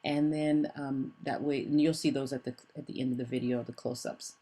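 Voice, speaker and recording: A woman's voice: extremely low pitch, fairly even intonation, brisk, dark tone, slightly rough. A woman narrating a casual craft tutorial voice-over, chatty and meandering, with frequent fillers and self-corrections. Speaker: scrapbooking craft host.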